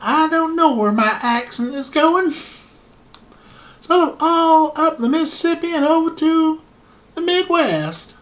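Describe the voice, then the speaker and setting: A man doing a high, drawling sweet old granny. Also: animated, a little slow, fairly bright tone, full character voice. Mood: doting. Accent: put-on American, drifting. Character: doting old grandmother, folksy and sweet.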